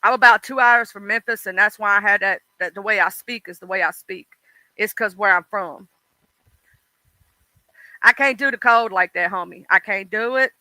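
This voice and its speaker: Livestream host, male, Mississippi Deep South accent, folksy and rambling, very bright voice with a smooth, clean tone. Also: no echo. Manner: rambling, folksy, talks straight to chat by name. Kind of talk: casual livestream chat with viewers.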